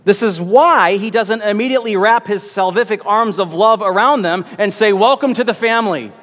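A man's voice: sits high, normal speed, a bit bright, big-room sound. A man preaching a sermon, earnest and emphatic, often repeating words as he builds his point.

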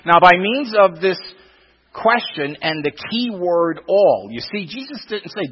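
A man's voice: high-pitched, sing-song, unhurried, breathy edge. An older man preaching a sermon in an emphatic way, repeating words and asking rhetorical questions. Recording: dull, lo-fi sound with long reverb.

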